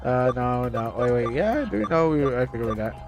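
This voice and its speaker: Young male streamer, animated pitch, trips over words reading aloud, soft music behind. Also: moderate pace. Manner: stumbling, restarting words while reading aloud. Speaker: game streamer. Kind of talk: casual gameplay commentary, reading game text aloud.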